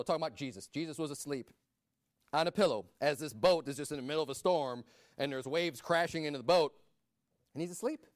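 A man preaching a sermon in a conversational way, rising to loud emphatic peaks. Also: fairly high pitch, fairly quick, long pauses, no room sound, studio quality.

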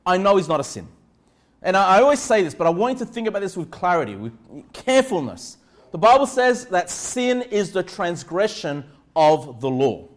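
A man preaching a sermon as pastor, moving from calm teaching to loud shouted emphasis and often checking in with "all right?". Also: sits high, moderate pace. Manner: repeats "all right?" and "okay?" to the congregation.

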